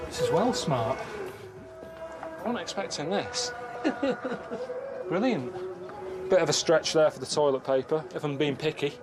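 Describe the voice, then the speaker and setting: A man with an English accent grumbles deadpan at the camera while he travels, his voice sitting a little high for a man. Music plays clearly behind him. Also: moderate pace, pauses often. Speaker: travel show presenter. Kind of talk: casual to-camera travel commentary. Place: outdoors in a busy street.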